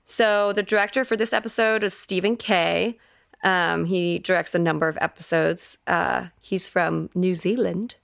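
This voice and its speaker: A woman's voice: lowish voice, fairly even intonation, measured pace, creaky, no room sound, studio quality. A woman co-hosting a podcast in casual, slangy, enthusiastic talk. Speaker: podcast co-host. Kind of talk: casual chat.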